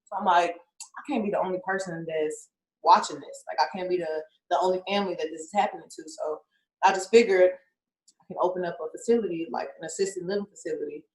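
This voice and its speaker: A young woman rapper speaks quickly in a lowish voice with fairly even intonation during a casual interview. She laughs often and says "like" constantly, heard through a roomy echo.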